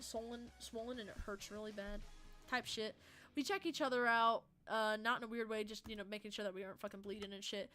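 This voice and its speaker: A young woman, streaming and telling a story in a profane, animated, dramatic rant. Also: on the high side.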